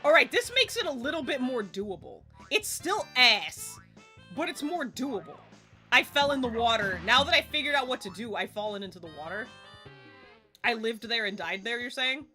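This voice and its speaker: A woman's voice: on the high side, animated, brisk, pushed and bright, soft background music. A woman around forty giving casual live gameplay commentary as a streamer, exasperated and swearing freely.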